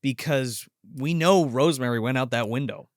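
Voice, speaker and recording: A man co-hosting a casual podcast, excitedly recapping a horror movie with lots of swearing and acted-out quotes. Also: medium pitch, moderate pace, no echo, clean studio sound. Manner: excitable, profane, acts out quoted lines. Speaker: podcast co-host.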